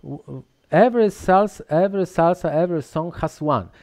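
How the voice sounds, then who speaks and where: A man co-hosting a live online dance lesson, asking questions in halting, broken English with many restarts. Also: fairly high pitch, a little mellow. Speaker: co-host.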